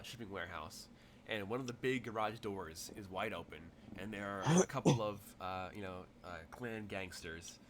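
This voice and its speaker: A man's voice: lowish voice, a little hiss or hum. A young man running a tabletop game as game master, rambling along with plenty of fillers and frequent laughs. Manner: rambling, lots of fillers and restarts, laughs often.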